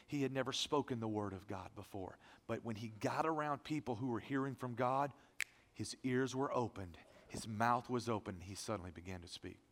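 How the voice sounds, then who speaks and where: A man preaching a sermon as pastor, emphatic, swinging between loud declarations and hushed lines. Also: mid-range voice, fairly quick, a little hiss or hum. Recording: long reverb of a large hall.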